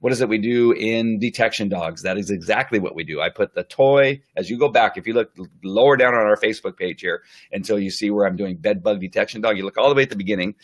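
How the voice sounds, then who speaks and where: Brief: man, dog trainer, lowish voice, talks casually with lots of "uh" and "right?". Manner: chatty, rambling, many fillers and restarts; acts out the dog's thoughts in quick asides. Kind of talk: casual live-stream lesson.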